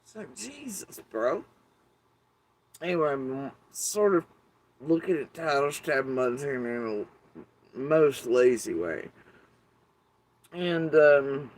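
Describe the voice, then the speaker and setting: A man's voice: mid-range voice, animated, takes it slowly, pauses often, rough recording. A middle-aged man talking to his YouTube audience in a casual, wry and meandering way, swearing freely. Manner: profane, wry, meandering with fillers. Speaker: YouTube commentator. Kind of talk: casual rambling monologue.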